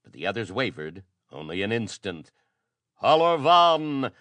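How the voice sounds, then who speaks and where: A man's voice: rumbling low, measured pace, a bit bright, no echo. A man narrating a pulp adventure story as an audiobook reading, with a dramatic, varied delivery.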